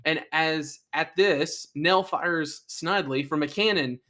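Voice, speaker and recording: Higher-voiced man reading, then joking. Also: slow, bright, forceful tone. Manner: reads ride facts then jokes and asides. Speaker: podcast co-host. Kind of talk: casual chat.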